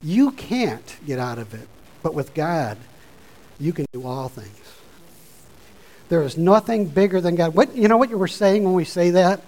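A man preaching a sermon, informal and conversational, rising from quiet asides to loud exhortation. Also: high-pitched, lively intonation, moderate pace, rough recording.

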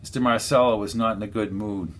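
A man's voice: lowish voice, steady tone, fairly quick, a bit bright, pitched below the performer's own voice, natural voice. A man doing a blunt, evasive henchman.

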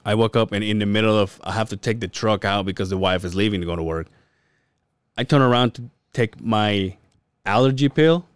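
A man's voice: on the low side, a little fast, smooth, dry recording. A man co-hosting a podcast, telling a story in casual chat, acting out what people said, swearing and laughing often. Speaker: podcast co-host.

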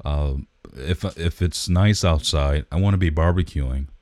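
A man's voice: very deep voice, a little slow, a little mellow, no room sound. A man co-hosting a podcast, chatting in a laid-back, rambling way with lots of fillers, recorded close on the mic. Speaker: podcast co-host. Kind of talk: casual chat.

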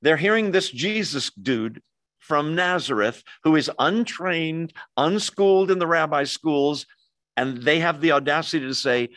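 Man, sermon, conversational, animated storytelling, dry sound. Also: fairly high pitch, no room sound. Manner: conversational, animated storytelling with quick asides to the congregation. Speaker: pastor.

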